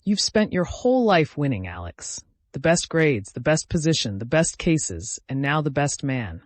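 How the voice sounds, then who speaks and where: A man's voice: a little high, sing-song, normal speed, no echo. A man voicing a bitter, jealous woman who accuses her rival, with little change from his reading voice. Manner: accusing, rising intensity.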